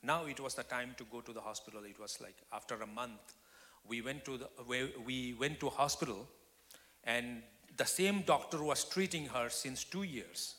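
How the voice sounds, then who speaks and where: A man giving a testimony sermon as a guest speaker, swinging from loud declarations to hushed whispers. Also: mid-range voice, normal speed. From Nepal. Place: church hall. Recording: long reverb of a church hall.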